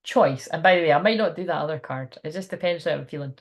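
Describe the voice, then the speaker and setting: Rambling woman thinking aloud, lowish. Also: fast. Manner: chatty and informal. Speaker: tarot card reader. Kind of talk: live card reading to viewers.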